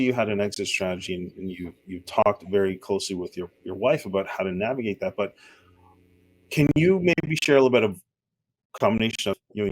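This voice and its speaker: Thoughtful low-voiced podcast host. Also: male voice. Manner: thoughtful, searching for words as he frames questions. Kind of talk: interview questions.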